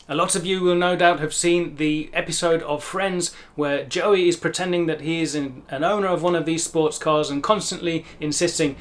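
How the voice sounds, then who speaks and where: A man's voice: on the high side, moderate pace, few pauses, fairly bright tone. A British man with a British English accent giving a pronunciation lesson, carefully repeating words to demonstrate each sound. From Britain. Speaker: language teacher.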